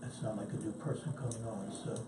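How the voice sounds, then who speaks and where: A man in a county meeting talks through a question deliberately, reasoning it out aloud. He sits back from the mic, so his voice sounds distant and roomy, with a clear hiss behind it. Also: on the low side, steady tone. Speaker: county commissioner. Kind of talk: meeting discussion. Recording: echoey room from far off, clear hiss.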